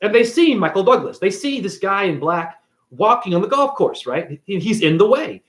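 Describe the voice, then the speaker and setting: Animated, profane man ranting casually. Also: sits high, moderate pace. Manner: profane, animated, acts out characters. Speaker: spiritual video creator. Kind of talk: casual rant retelling a movie.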